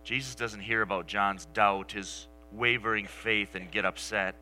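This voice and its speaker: A male pastor preaching a sermon, telling the story with animation and dropping to soft, near-whispered lines for emphasis. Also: fairly low pitch, fairly even intonation, a little slow, slight background noise, poor audio.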